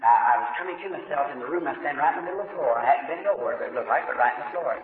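Folksy preacher on a tinny old recording. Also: male voice, a little high, animated, racing. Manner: folksy storytelling, quotes others in dialogue. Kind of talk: testimony sermon, storytelling. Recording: tinny old archive recording from far off in a reverberant hall.

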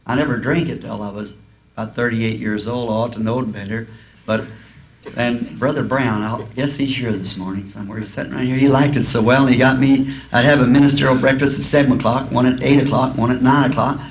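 A man's voice: mid-range voice, steady tone, fairly quick. A man preaching to a congregation, telling homespun stories and chuckling at his own jokes. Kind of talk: folksy sermon with humorous anecdotes. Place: school auditorium before a congregation. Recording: dull lo-fi archival tape with faint hiss.

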